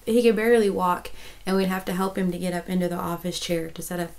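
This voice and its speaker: Lady in her 40s rambling on about her crafts, lowish voice, kinda gravelly. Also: flat delivery, fast talker, darkish tone, rough recording. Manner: rambling, many restarts and fillers, emotional. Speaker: crochet vlogger. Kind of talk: casual chat.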